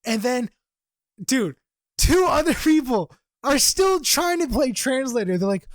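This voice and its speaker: A man's voice: very high-pitched, unhurried, no room sound. A young man co-hosting a podcast, telling a story in casual chat, swearing freely and acting out what others said. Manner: animated, profane, acts out quotes. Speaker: podcast co-host.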